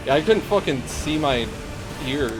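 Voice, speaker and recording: A man's voice: a little high, expressive, moderate pace. A young man streaming a game live, chatting casually with lots of swearing and giggling while he plays. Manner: casual, profane, giggly banter. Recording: game music clearly behind voice.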